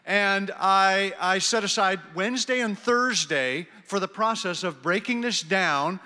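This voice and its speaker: A male pastor with a high, bright voice preaches brisk and earnest, hurrying to fit in his last points. His words ring with long reverb through a church hall. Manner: brisk, earnest, rushing against the clock. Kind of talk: sermon.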